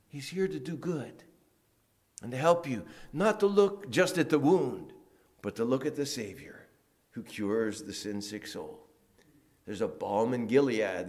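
Man, pastor, sermon, church, average pitch, emphatic then hushed. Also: expressive, normal speed. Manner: swings from loud emphatic lines to hushed near-whispers.

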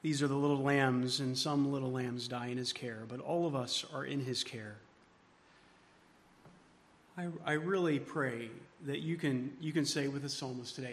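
A man preaching a sermon as pastor, moving from hushed, tender passages to loud, emphatic ones. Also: medium pitch, steady tone, normal speed. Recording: long hall reverb.

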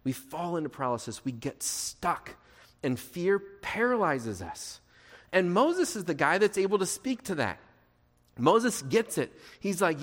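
A man's voice: a little high, sing-song, normal speed, in a large hall. A pastor preaching a sermon, repeating his key phrases and asking the congregation questions.

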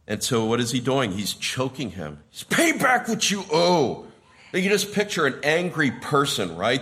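Man preaching a sermon. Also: a bit bright. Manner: rises in pitch and volume when quoting the characters; explains word meanings in a teaching tone. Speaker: pastor.

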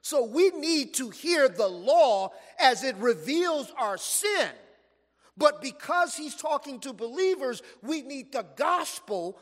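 High-voiced man preaching in a hall. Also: slow. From Los Angeles, USA. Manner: animated storytelling preaching, stretched emphatic phrases. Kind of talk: sermon. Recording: long reverb from a large hall.

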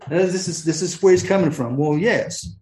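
A man's voice: on the high side, moderate pace, a little mellow, reverberant, low-quality recording. A man preaching a sermon, earnest, often restarting his sentences and rising into emphatic peaks. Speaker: pastor.

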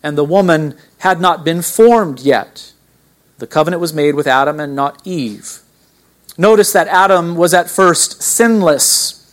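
A man delivers a sermon as pastor, his voice sitting a little high for a man. He preaches emphatically, throws rhetorical questions at the listeners and drags out key words to drive them home. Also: a little slow.

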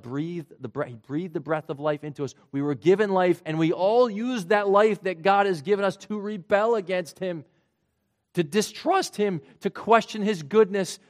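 A man preaching a sermon in an earnest way, his voice rising for emphasis and then dropping low and quiet. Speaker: pastor.

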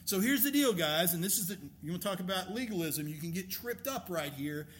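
A man preaching a sermon as a pastor, emphatic and animated, asking rhetorical questions. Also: high-pitched, brisk, slight background noise.

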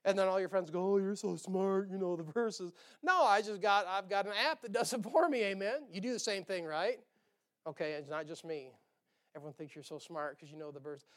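A male pastor preaching with a high-pitched, clear and resonant voice. He keeps things folksy and joking, chuckling between points and firing rhetorical questions at his listeners. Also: a little fast, a bit bright. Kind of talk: sermon.

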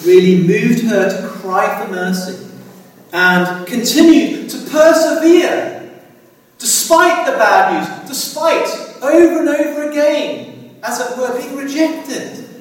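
A man preaching a sermon, slow and halting, often saying "as it were" and "dear friends". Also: very high-pitched. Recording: echoey hall from far off.

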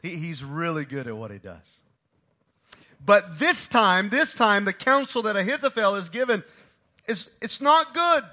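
Male pastor, high bright voice, preaching with big loud-to-soft swings. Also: animated, moderate pace. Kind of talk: sermon.

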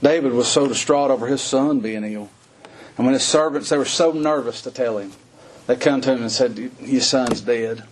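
A man preaching a sermon in a folksy way, laughing between points and climbing high in pitch when he stresses something. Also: moderate pace.

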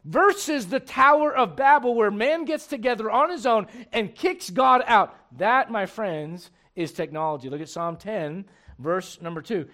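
A man preaching a sermon as pastor of a church, emphatic and swinging between loud bursts and low asides. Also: lively intonation, unhurried.

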